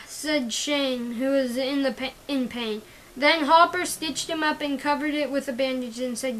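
A woman's voice: high-pitched, slight background noise, rough recording. A woman reading her own action story aloud, stumbling and correcting herself often. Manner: halting, often restarting and correcting words. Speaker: story reader.

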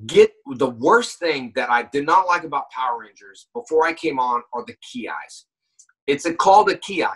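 A man talks through a call in a casual, animated way, breaking into sudden shouts and acted-out lines as he tells his stories. His voice is bright and a little husky, and it sounds set back from the microphone. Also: a little high, moderate pace, distant mic, low-quality recording. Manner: animated storyteller, acts out shouts and quoted lines. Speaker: guest actor. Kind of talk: casual chat. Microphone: phone call.

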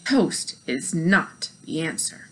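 A sour, worried old lady grumbles her short lines slowly, as a woman reading aloud puts her on. She sounds put out with everyone in this storybook, and her words come curt and drawn out. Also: high voice, very animated, a bit bright, slight background noise, pitched above the performer's own voice, heavily acted, poor audio. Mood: grumpy.

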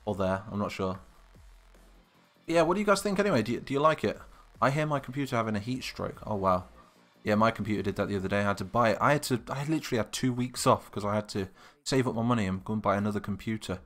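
A man's voice: on the low side, expressive, fast talker, a bit bright, faint music behind. A young British man live-streaming, chatting casually and thinking aloud while answering viewers' comments. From Britain.

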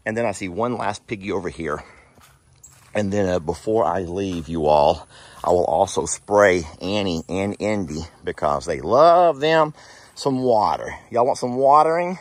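A man's voice: lively intonation, unhurried, no room sound. A man chatting casually as he tends his farm animals outdoors, cooing at them now and then. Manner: chatty, coos at the animals in a high voice. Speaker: farm vlogger.

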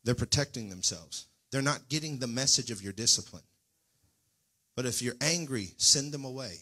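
A man's voice: medium pitch, lively intonation, moderate pace, pushed and bright, slightly rough. A man pastor preaching a Pentecostal sermon in a church, folksy and fervent, at times rising into near-singing cries. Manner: folksy, talks straight to the congregation. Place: church sanctuary.

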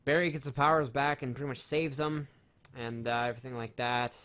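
A man's voice: mid-range voice, fairly even intonation, fairly quick, a bit bright. A man hosting a casual film review chat, retelling the plot in a rambling, profane way with lots of fillers.

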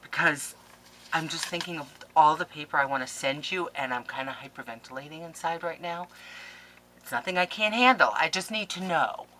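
A woman's voice: sits low, normal speed, pushed and bright, rough recording. A woman scrapbooking vlogger opening a package on camera, gushing and playfully melodramatic in a casual chat. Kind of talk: casual unboxing vlog.

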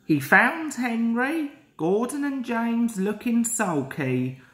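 A woman reading a children's train story aloud in a slow, lively storytelling cadence. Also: mid-range voice. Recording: roomy echo.

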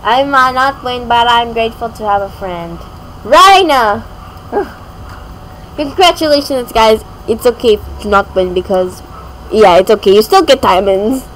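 A woman's voice: a little high, unhurried, a little hiss or hum, low-quality recording. A young woman giving casual gameplay commentary as a gaming YouTuber, rambling and giggly with many fillers.

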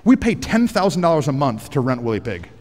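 A pastor preaching a sermon on a headset mic in a large church auditorium, energetic and joking, rising to shouts for emphasis. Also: male voice, mid-range voice, brisk, in a large hall.

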